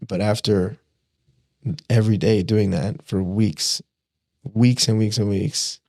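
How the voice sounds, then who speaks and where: A young man, a podcast guest, telling a personal story in a casual, animated way, acting out quotes and laughing often. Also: lowish voice, takes it slowly, dry recording, studio quality. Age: young adult.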